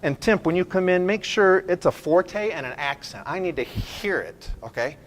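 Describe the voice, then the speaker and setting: Brisk man directing a band rehearsal. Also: high voice, expressive. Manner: brisk and encouraging, counts off and sings phrases to demonstrate. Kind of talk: ensemble rehearsal instruction. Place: school band rehearsal room.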